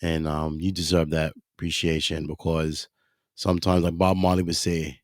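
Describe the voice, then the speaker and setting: A man's voice: deep voice, flat delivery, moderate pace, no echo, studio quality. A man hosting his own podcast, rambling casually and correcting himself as he talks to the listeners. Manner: rambling, self-correcting, addresses listeners as ladies and gentlemen. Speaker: podcast host. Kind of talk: casual solo podcast monologue.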